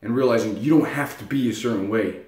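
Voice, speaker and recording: A man's voice: medium pitch, fast talker. Profane young man vlogging in an echoey room. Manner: blunt, profane, animated storytelling. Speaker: self-help vlogger. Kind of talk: casual motivational vlog.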